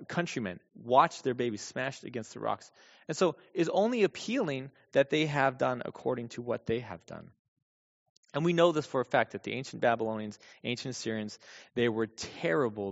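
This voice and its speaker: A man's voice: mid-range voice, gravelly, a bit bright. A man preaching a sermon, emphatic, often repeating key phrases for stress. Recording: long hall reverb, dull lo-fi sound.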